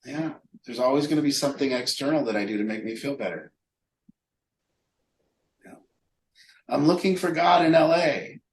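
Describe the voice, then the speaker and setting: A man's voice: mid-range voice, lively intonation, normal speed, pauses often. A man leading a recovery group talk, speaking emphatically and rhetorically. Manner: emphatic, rhetorical, acts out imagined voices. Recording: echoey room.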